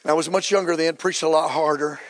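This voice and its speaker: A middle-aged man preaching a sermon as pastor, fervent and building to shouts. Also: on the high side, fairly even intonation, fast. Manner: fervent, rising to shouts, acts out quotes.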